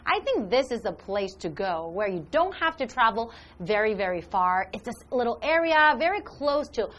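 Lively, high-voiced woman teaching English. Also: normal speed, muffled recording. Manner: upbeat, encouraging, explains words with examples. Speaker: English lesson host. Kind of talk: live English lesson chat.

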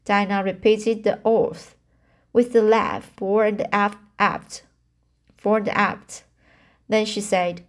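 Woman reading a novel out loud, super slow, trips on big words and restarts. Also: medium pitch, flat delivery. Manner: slow, halting, stumbles and restarts on hard words; apologizes for mistakes. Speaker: reader. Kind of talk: amateur audiobook reading.

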